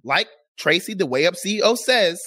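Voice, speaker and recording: A man with a high voice hosts his own talk show and speaks straight to the audience. His delivery is sarcastic and exasperated, and it swoops up and down with lively intonation. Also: normal speed. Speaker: show host. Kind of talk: casual opinion commentary.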